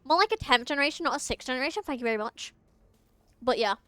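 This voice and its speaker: A woman's voice: high-pitched, animated, quick pace, sharp tone, dry recording. A young woman streaming a game, chatting casually with her viewers, giggling and tripping over her words. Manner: giggly, chatty, often talks to chat, trips over words.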